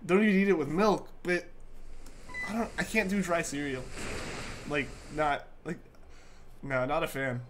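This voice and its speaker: With long pauses and an unhurried pace, a young game streamer chats casually to his viewers in a fairly high voice, often repeating himself. A little hiss or hum sits under the recording, and he sounds congested as his sore throat heals.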